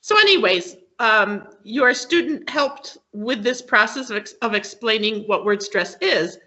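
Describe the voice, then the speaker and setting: On the high side, animated and sharp, a woman's voice comes through dull, lo-fi video call audio as she guest-teaches a pronunciation lesson on word stress. At a measured pace she explains things patiently, step by step, and frequently asks her students "okay?"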